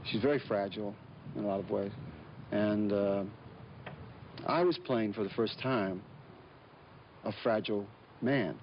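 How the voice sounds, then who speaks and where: A man from Georgia, a guest on an interview show, telling stories in a halting way with many fillers and restarts. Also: lowish voice. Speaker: guest actor. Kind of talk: casual interview storytelling. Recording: dull lo-fi recording, faint noise.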